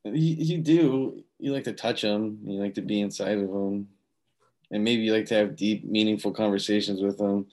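A man's voice: lowish voice, fairly even intonation, moderate pace, a little mellow. A man co-hosting a casual podcast, joking crudely and swearing often. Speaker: podcast co-host. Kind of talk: casual chat.

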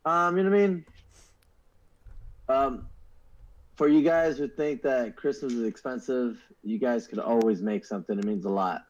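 A man's voice: medium pitch, normal speed, long pauses, poor audio. A man co-hosting a podcast, calling in over voice chat, telling loose stories and swearing a lot. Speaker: podcast co-host. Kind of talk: casual chat.

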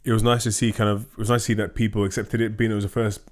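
A man with a lowish voice chats about a film he loved, sliding easily between sincere praise and playful jokes. His talk is loose and conversational, full of small fillers. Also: little pitch movement, racing. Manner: joking, playful banter. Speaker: podcast co-host. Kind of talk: casual film review chat.

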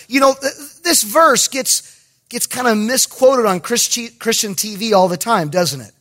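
A pastor giving an emphatic sermon, with jokey asides and bursts of raised voice. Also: male voice, very high-pitched, lively intonation, normal speed, bright, forceful tone, slightly rough.

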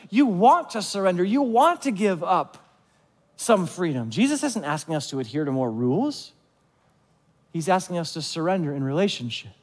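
A man, the pastor, preaching a sermon in a conversational way, asking the listeners questions and acting out short asides. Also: a little high. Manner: acts out short voiced asides. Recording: long hall reverb.

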